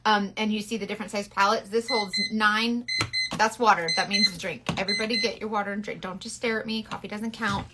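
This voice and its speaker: A woman's voice: medium pitch, fairly even intonation, fairly quick, very noisy. A woman selling makeup, chatting playfully through a casual live makeup tutorial on a phone and answering viewers as she goes. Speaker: makeup consultant selling cosmetics.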